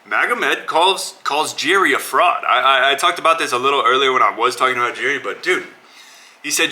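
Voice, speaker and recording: Brisk, bright, and forceful, a medium-pitched male voice cuts through a rough recording. On his solo podcast he bluntly shares strong opinions about fights in casual talk, addressing listeners as "brother."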